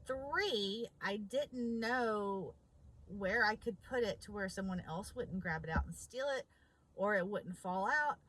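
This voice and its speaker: Woman, vlogger, husky bright voice, animated storyteller who voices the other person too. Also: medium pitch, a little slow, low-quality recording. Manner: animated, emphatic storyteller acting out both sides of a conversation. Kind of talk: storytelling vlog.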